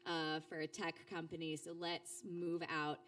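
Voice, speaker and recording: Animated chatty woman voice actor. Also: a little slow, distant mic, a little hiss or hum. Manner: animated, acts out quoted speech with big pitch jumps; chatty with frequent fillers and restarts. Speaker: voice actor guest. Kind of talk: casual storytelling interview.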